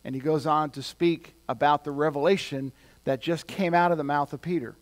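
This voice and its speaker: A man's voice: fairly high pitch, normal speed. Man preaching a conversational sermon. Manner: conversational, building to loud emphatic preaching. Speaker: pastor.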